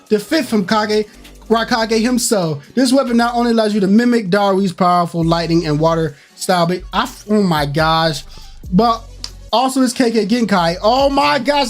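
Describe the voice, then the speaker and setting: A young man hosts a gaming channel and runs through game news with loud, animated energy. He swings between joking outrage and delight as he goes. Faint music plays behind his voice. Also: high voice. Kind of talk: excited game news commentary.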